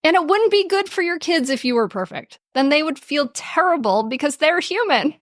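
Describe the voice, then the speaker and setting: A woman speaking as a podcast guest on parenting and mindfulness, gentle and reflective, often laughing lightly as she explains. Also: high voice, expressive, moderate pace, no echo, clean studio sound. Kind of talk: podcast interview.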